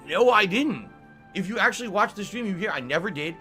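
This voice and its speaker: A male streamer defends himself to his chat, indignant and talking it through. His voice sits a little high, and music plays clearly behind him. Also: animated, brisk. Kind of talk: stream commentary.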